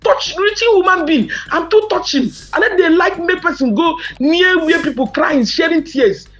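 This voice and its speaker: A woman's voice: extremely high pitch, moderate pace, dull audio, faint music behind. A woman with a Nigerian accent speaking to subscribers in an impassioned monologue, emphatic and mixing Pidgin and English, with outraged questions.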